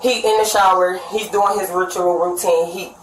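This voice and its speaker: A woman's voice: on the low side, steady tone, moderate pace, a little hiss or hum. A woman giving her side of a fight to police inside her home, casual and defensive, picked up from a distance on a body camera. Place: indoors in a cluttered home. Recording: distant, echoey body cam audio.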